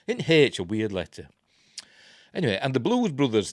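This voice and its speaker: A man's voice: mid-range voice, wildly swooping pitch, moderate pace, pauses often, no room sound, clean studio sound. A man with a Yorkshire accent hosting a live news stream, reading articles aloud with chatty, joking asides.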